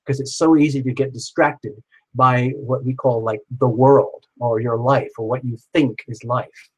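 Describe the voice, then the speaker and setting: A man hosting a live tarot reading stream, speaking directly to viewers by name and leading them through gentle repeated affirmations. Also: medium pitch, steady tone, unhurried, breathy edge, poor audio.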